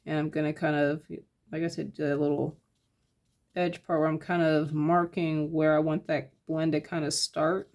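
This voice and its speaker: Low, mellow woman teaching painting. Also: moderate pace. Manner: relaxed, thinking aloud, many hedging fillers. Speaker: painting instructor. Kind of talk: casual step-by-step painting tutorial.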